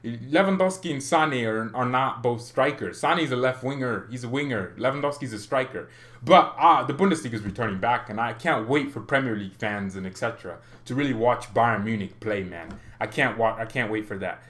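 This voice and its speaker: Animated man chatting on a livestream. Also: a little fast. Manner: animated, chatty, laughs often, pitch jumps when excited. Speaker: fan channel host on a livestream. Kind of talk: casual livestream chat.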